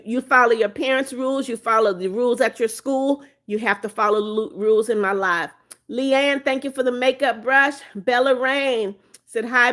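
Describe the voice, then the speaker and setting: A Florida woman with a voice on the high side and a fairly bright tone hosts a phone livestream. She reads viewers' chat comments aloud, thanks them by name, and stays chatty while being firm about her rules.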